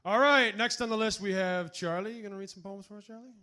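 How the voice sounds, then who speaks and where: A man's voice: sits high, fairly even intonation, fast talker, pushed and bright. A man hosting an open mic in a bar, upbeat and encouraging as he calls up each performer. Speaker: slam host.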